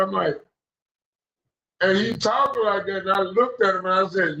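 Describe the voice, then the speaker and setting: A man's voice: sits high, moderate pace, long pauses, bright, forceful tone. A young man hosting a casual call-in stream, talking in loose, profane, preachy rants. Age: young adult. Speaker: stream host. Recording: echoey, dull lo-fi room sound.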